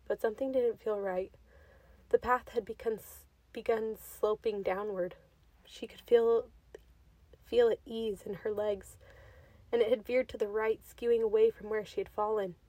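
A woman's voice: mid-range voice, fairly even intonation, a little slow, warm tone, dry recording. Woman reading a story aloud.

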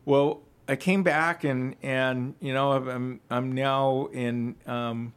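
A man's voice: mid-range voice, fairly even intonation, slow, clean tone. A man earnestly recounting his personal testimony in casual conversation, reflective and full of restarts. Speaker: ministry founder, podcast guest.

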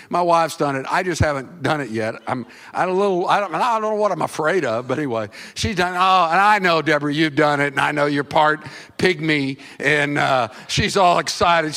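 A man preaching a sermon as pastor, talking conversationally and teasing the congregation, then acting out quotes in sudden high, loud bursts.

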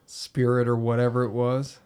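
Recording in a basement room, a male podcast host tells a story casually and with animation, acting out his own reactions and swearing. His medium-pitched voice is clear and resonant, at a normal speed.

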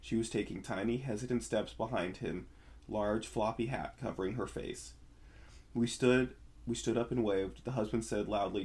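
A man co-hosting a podcast, reading a horror story aloud and then chatting, relaxed and laughing easily. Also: on the low side, normal speed. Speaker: podcast co-host.

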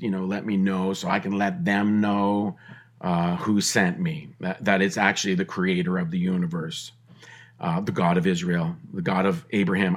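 A middle-aged man giving a podcast sermon, emphatic and repetitive, with conversational joking asides. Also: low-pitched. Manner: emphatic preaching with repeated phrases and restarts. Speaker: podcast preacher.

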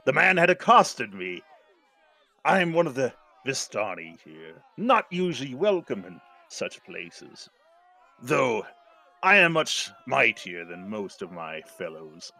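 Swaggering hard-drinking wandering warrior, played by a man, mocking, boastful, lively bright voice rising and falling in a tabletop game. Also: medium pitch, takes it slowly, exaggerated voice.

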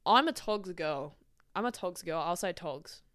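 A woman's voice: on the low side, lively intonation, unhurried, a bit bright, dry recording, studio quality. A young Australian woman hosting her own podcast in casual, rambling solo chat, swearing freely and wandering into asides. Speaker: podcast host.

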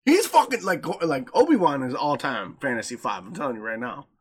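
A man co-hosting a podcast, telling stories in an animated, joking, profane way. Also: mid-range voice, brisk, slightly rough. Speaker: podcast co-host. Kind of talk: casual chat, storytelling.

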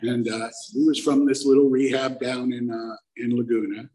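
Guy telling his own story on stage, chatty and self-mocking, mid pitch, slips into voices for quotes. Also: little pitch movement, moderate pace, dark tone, a little hiss or hum, rough recording. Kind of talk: live personal storytelling.

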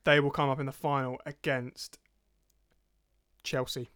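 A man's voice: mid-range voice, little pitch movement, measured pace, a bit bright, clean tone, no echo, studio quality. A young man co-hosting a casual football podcast, blunt and jokey, with the odd swear word. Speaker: podcast co-host.

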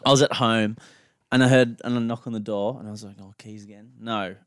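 This Australian man co-hosts a laid-back podcast, speaking a little fast in a smooth mid-range voice with fairly even intonation. He's blunt, swears freely, and imitates people while telling stories and sharing opinions in the banter; the sound is dry and clean, studio-made.

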